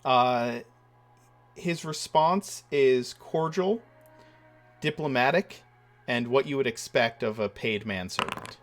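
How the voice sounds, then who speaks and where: A man narrating as dungeon master of a tabletop game, measured and full of uhs and ums. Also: mid-range voice, soft background music. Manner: measured, with frequent uh and um.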